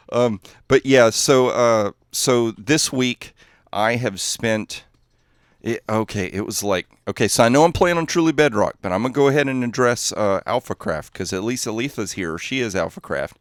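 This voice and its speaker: A man's voice: mid-range voice, lively intonation, normal speed, dry recording, clean studio sound. A man chatting casually while livestreaming a game, rambling and easily distracted, often laughing at his own jokes. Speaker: gaming livestreamer.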